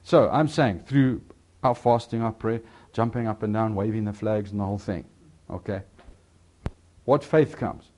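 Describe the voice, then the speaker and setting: A man preaching a sermon, swinging between loud, emphatic lines and quieter asides. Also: lowish voice, normal speed.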